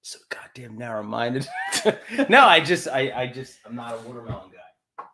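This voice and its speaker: A young adult man with an eastern Pennsylvania accent, co-hosting a casual chat over whiskey, animated and self-mocking with casual swearing. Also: mid-range voice, normal speed. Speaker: co-host.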